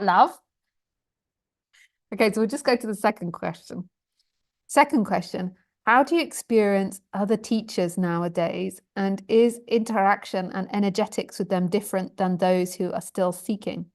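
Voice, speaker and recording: A woman spiritual teacher on a live stream, reading viewer questions aloud in a chatty, self-deprecating way, often laughing and stumbling over long sentences. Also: mid-range voice.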